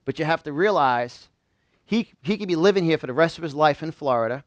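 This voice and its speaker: High-energy motivational speaker man. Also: fairly quick, dry recording, dull audio. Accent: New York. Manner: energetic, quizzes the audience with call-and-response. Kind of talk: live seminar talk. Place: seminar room with a small live audience.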